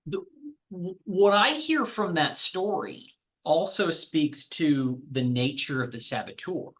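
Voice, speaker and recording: Measured man explaining ideas. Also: a little high, expressive, a bit bright, slight background noise. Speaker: podcast guest, personal injury lawyer. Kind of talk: conversational podcast discussion.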